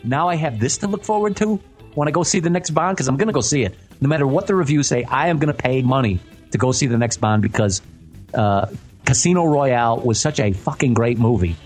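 A man's voice: medium pitch, lively intonation, brisk, darkish tone, soft background music. A man hosting a casual podcast, reading a review aloud and ranting about it with plenty of swearing. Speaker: podcast host. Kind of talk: casual chat.

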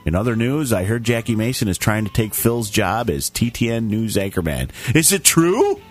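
A man's voice: lowish voice, big pitch swings, normal speed, soft background music. A man co-hosting a casual podcast, reading listener comments aloud in a jokey way and stumbling over the words. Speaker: podcast co-host.

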